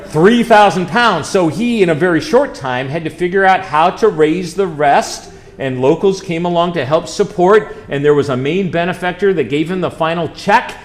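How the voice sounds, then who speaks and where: A middle-aged man from the United States, chatting folksily through a slideshow as a chaplain, with fillers and asides to the audience. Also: mid-range voice. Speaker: chaplain presenting a trip. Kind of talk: casual slideshow talk.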